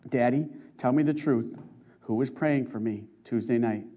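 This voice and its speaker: A woman's voice: very deep voice, normal speed, mellow, voice pushed down. A man voicing a tearful pleading young woman. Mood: urgent, shaken. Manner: anguished, urgent. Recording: muffled lo-fi recording.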